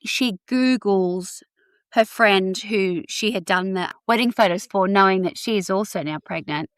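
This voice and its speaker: A woman hosting a podcast, telling a true-crime story in a chatty, animated way with many asides. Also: mid-range voice, measured pace, clear, resonant tone, no room sound. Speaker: podcast host.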